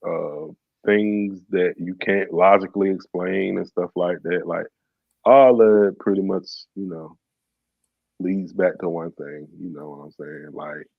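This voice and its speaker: A man's voice: low voice, steady tone, unhurried, creaky, no echo, narrow, tinny audio. A man co-hosting a podcast, talking in a reflective, rambling way with many fillers. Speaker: podcast co-host. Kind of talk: casual conversation.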